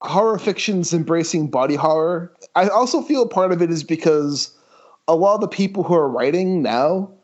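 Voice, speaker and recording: A man's voice: a little high, animated, normal speed. Man chatting casually on a lo-fi podcast. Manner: reads comic dialogue aloud with acted voices. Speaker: podcast co-host.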